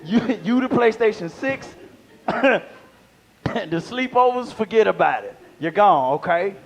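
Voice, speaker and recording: A man's voice: high-pitched, animated, slow, creaky, dull audio. An older man doing live stand-up comedy as a guest, rambling and playful, laughing at his own jokes. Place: live comedy venue with audience.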